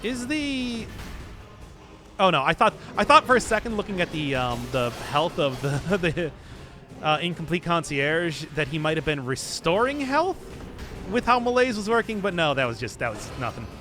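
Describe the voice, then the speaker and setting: Lively, self-mocking man streaming a game. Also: on the high side, normal speed, faint music behind. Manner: rambling, self-mocking, laughs at his own jokes. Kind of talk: casual gameplay commentary.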